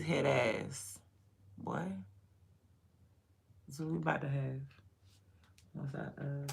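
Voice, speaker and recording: A woman's voice: low-pitched, slow pace, gravelly, pauses often, breathy edge. A mother talking casually to her livestream, profane and playful, laughing often.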